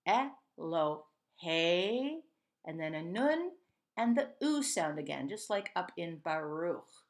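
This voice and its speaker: A woman's voice: fairly low pitch, very animated, slow. A woman teaching a Hebrew reading lesson, patiently sounding out each word syllable by syllable. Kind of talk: slow step-by-step reading lesson.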